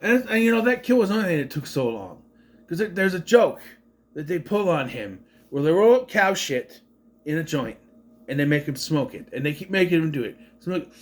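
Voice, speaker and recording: A man delivers an exasperated, casual movie review, swearing freely as he goes. His voice sits high and stays animated, rising and falling a lot. He sounds fed up. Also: fairly quick.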